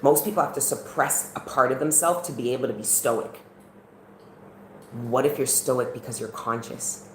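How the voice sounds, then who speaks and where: A woman's voice: extremely low pitch, moderate pace. Chatty woman giving a live tarot reading. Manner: earnest, chatty, talks straight to viewers. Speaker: tarot reader. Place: at home in the country. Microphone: camera on a live stream. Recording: roomy with faint background noise.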